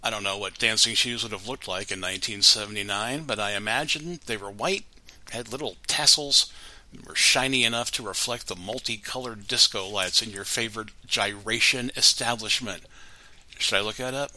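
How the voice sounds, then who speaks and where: A man's voice: lowish voice, moderate pace, pushed and bright, no room sound, low-quality recording. A man hosting a music show, introducing songs with wry, sarcastic asides in a casual scripted way. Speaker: radio show host.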